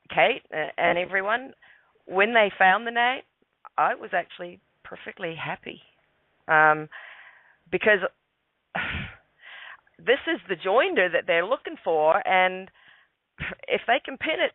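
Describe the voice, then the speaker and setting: A man, a guest calmly telling a personal story, repeating words as he goes. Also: high-pitched, no room sound. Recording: phone line, dry.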